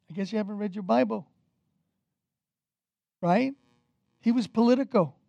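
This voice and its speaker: A man preaching a sermon as pastor, energetic and conversational, with casual fillers. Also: high voice, creaky, no echo.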